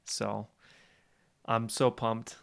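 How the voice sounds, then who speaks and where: A man's voice: lowish voice, flat delivery, extremely slow, creaky, a bit bright, slight background noise. A man hosting a podcast over a video call, enthusiastic and effusive, talking casually and now and then swearing. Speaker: podcast host. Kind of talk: casual interview chat.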